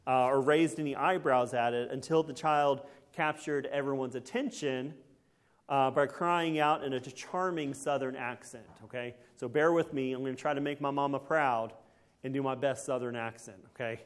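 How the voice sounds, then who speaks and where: A man's voice: mid-range voice, steady tone, normal speed. Folksy preacher man, checking in. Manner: folksy, keeps checking in with tag questions. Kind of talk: conversational sermon.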